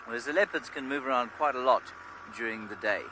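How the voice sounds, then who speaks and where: A man working as a safari guide, giving relaxed, chatty commentary from an open vehicle on a live game drive. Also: medium pitch, fast talker, rough recording. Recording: outdoor mic with clear background noise.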